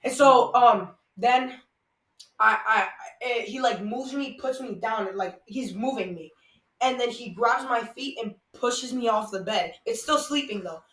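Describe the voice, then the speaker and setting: A man's voice: extremely high pitch, measured pace, sharp tone. A man hosting a casual podcast, telling a story in a rambling way with lots of "like" and restarts. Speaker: podcast host. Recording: echoey room, far from the mic.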